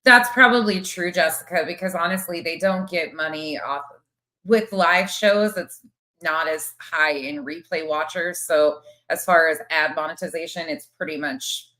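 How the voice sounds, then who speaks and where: A woman's voice: low-pitched, normal speed, pushed and bright. A woman hosting reaction commentary, cutting in with sarcastic asides. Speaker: commentary host.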